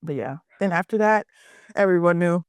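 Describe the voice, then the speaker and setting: A woman's voice: lowish voice, normal speed, smooth, no echo, clean studio sound. A young adult woman, a guest on a casual podcast interview, telling stories animatedly and laughing often. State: pregnant. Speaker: guest, softball pitcher.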